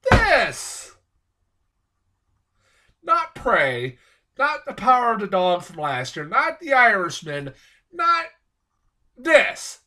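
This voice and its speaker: A man's voice: high-pitched, big pitch swings, unhurried, sharp tone. A man giving a casual film review, ranting in an angry, profane, exasperated way. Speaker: movie reviewer.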